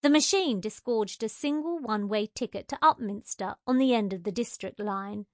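A woman's voice: medium pitch, normal speed, darkish tone, no echo, clean studio sound. Woman reading a novel aloud. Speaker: audiobook narrator. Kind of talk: scripted narration.

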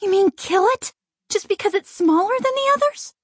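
A woman's voice: high-pitched, big pitch swings, moderate pace, no echo, clean studio sound. A woman voicing a distraught eight-year-old farm girl who protests and pleads in tears, in a storybook audiobook. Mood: pleading, outraged. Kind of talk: audiobook character voice.

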